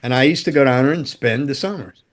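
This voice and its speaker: Appearing as a podcast guest, an American man in his sixties who used to be a guitar tech spins rambling, foul-mouthed stories from the road. He speaks at a medium pitch and a quick pace.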